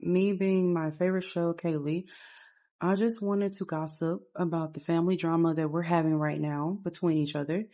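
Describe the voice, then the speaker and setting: Brief: eager self-promoting young woman game character, mellow voice, put on by a woman narrator. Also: fairly low pitch, fairly even intonation, moderate pace, natural voice. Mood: excited.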